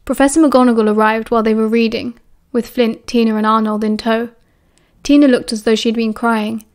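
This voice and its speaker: A woman's voice: on the high side, little pitch movement, a little fast. British woman reading an audiobook. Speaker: audiobook narrator. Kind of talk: audiobook reading with character voices.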